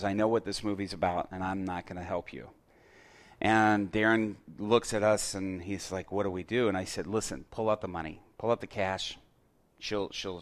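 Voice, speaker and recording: A middle-aged man preaching, his voice sitting a little low. He tells a story in sermon style, acts out the dialogue, and rises loud and animated at the big moments. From Chicago area. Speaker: pastor.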